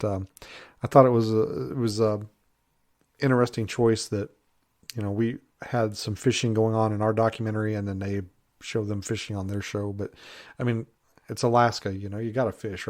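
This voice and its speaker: Reviewing a TV show, this Bigfoot researcher talks in a lowish, darkish voice that's a little stuffy. His commentary wanders, packed with fillers, and he chuckles at his own jokes.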